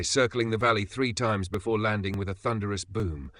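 A man reading a scripted fantasy story as narrator, with even, dramatic storytelling. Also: on the low side, brisk, dry recording.

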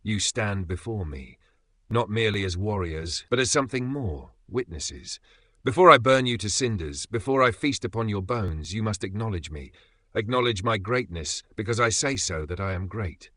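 A man voicing a huge, vain male dragon who booms grand declarations and demands praise. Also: expressive, moderate pace, bright, forceful tone, dry recording. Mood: grandiose.

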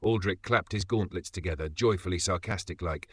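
A man reading a scripted fantasy story as narrator, with even, dramatic storytelling. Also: sits low, moderate pace, hardly any pauses, slightly rough, dry recording, studio quality.

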